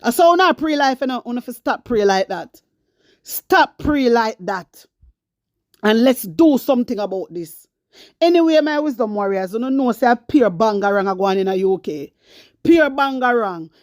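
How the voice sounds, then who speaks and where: A high-voiced woman with a strong Jamaican accent speaks in a fiery, urgent rant, scolding her listeners and hammering the same demands again and again. Her voice is close and dry, with no room sound around it. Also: no room sound. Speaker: online commentator. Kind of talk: impassioned rant to viewers.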